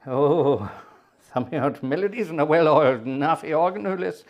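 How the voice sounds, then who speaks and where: A man voicing a blustering, indignant British army man who bellows his lines slowly and loudly. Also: fairly high pitch, animated, highs cut off. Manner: loud, drawn-out bellowing.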